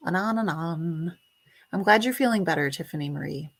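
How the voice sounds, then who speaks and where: Speaking at a moderate pace in a voice on the low side, a woman runs a relaxed livestream. She chats, calls out viewers by name, and occasionally breaks into a bit of song.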